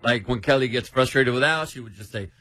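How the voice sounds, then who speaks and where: A man leads a casual group chat, playful and chatty as he quizzes the others. His voice sits at an ordinary pitch. The sound is close and dry. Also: fairly quick, pushed and bright, no echo. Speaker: host.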